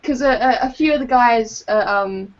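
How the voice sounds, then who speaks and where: A woman's voice: on the high side, moderate pace. An English woman co-hosting a podcast in casual chat, hesitant, with lots of ums and restarts. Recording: lo-fi, muffled.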